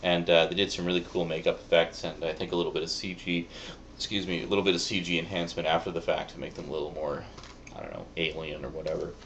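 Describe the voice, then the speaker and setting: A man's voice: deep voice, fairly even intonation, fast talker, a bit bright. A man giving a chatty, rambling spoken review, full of fillers and little laughs, his voice cracking at times. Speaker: Blu-ray reviewer. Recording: dull lo-fi sound, faint noise.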